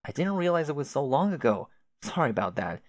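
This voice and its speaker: A man's voice: a little high, very animated, a little fast, no room sound, voice pushed up. A man voicing a chatty, oblivious young male adventurer who rambles with old-fashioned folksy exclamations. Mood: apologetic.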